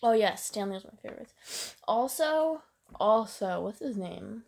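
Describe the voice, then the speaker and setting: A woman's voice: medium pitch, lively intonation, moderate pace, vocal fry, darkish tone. A teenage girl co-hosting a podcast in rambling, giggly, chaotic casual chat. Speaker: podcast co-host.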